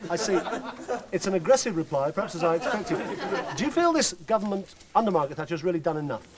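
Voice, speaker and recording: A man presenting a mock political interview on live children's TV, deadpan and mock-serious. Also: sits high, fast, a crowd in the background. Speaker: comedy presenter.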